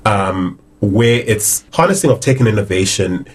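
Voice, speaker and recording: A man's voice: lowish voice, moderate pace, a little hiss or hum. A man hosting a podcast, talking casually with lots of laughs and restarts, then reading a sponsor message. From Africa. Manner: animated, laughs often, many restarts. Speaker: podcast host.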